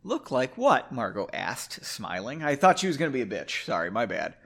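A man's voice: on the low side, very animated, fairly quick, creaky, a bit bright. A man hosting a podcast who reads a story aloud and keeps breaking off into sarcastic, self-mocking asides. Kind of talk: story reading with joking asides.

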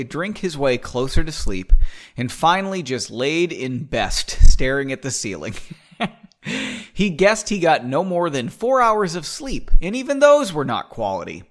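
A man's voice: fairly high pitch, sing-song, measured pace, a bit bright. A man hosting a casual show, chatting and reading his story aloud with frequent digressions and laughs. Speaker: podcast host reading his own story.

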